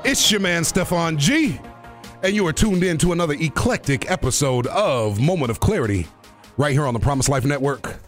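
A man's voice: fairly high pitch, animated, fairly quick, soft background music. A young man hosting a radio talk show in casual, playful chat, laughing often and joking about himself. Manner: playful, laughs often, jokey self-mocking asides.

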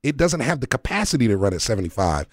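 A man hosting a faith-centered talk show, walking through ideas with everyday comparisons. His pitch rises and falls a lot as he explains, and he presses his guest to repeat key points. The sound is dry and close. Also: very animated, fast, no echo. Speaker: podcast host.

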